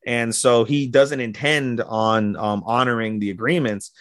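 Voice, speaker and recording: A man's voice: mid-range voice, fairly even intonation, measured pace, no room sound, studio quality. A man hosting an anime podcast who chats casually and swears a lot while he recaps episodes in a rambling way. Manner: rambling, profane, with lots of fillers and restarts. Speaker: podcast host.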